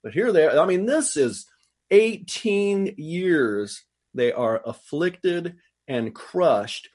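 A man's voice: a little high, expressive, takes it slowly, a little mellow. A man preaching a sermon, reading scripture and paraphrasing it with earnest, rising intensity. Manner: earnest, voices God's lines with rising intensity. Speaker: pastor.

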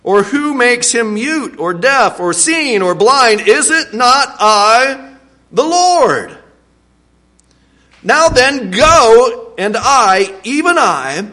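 A man's voice: high-pitched, big pitch swings, slow pace, sharp tone, voice pushed up, full character voice. A man voicing God as a patient but firm speaker giving emphatic commands. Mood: commanding.

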